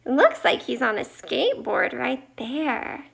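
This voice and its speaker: A woman teacher reading a picture book aloud at storytime, expressive and talking to the listening children. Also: sits high, measured pace, gravelly.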